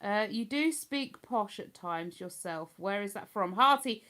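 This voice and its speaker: A woman's voice: mid-range voice, animated, a little slow, sharp tone. An older woman from Hertfordshire with an accent between posh and London, chatting casually on a livestream and answering viewer comments. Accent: Hertfordshire English, between posh and London. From Hertfordshire, England. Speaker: livestream host.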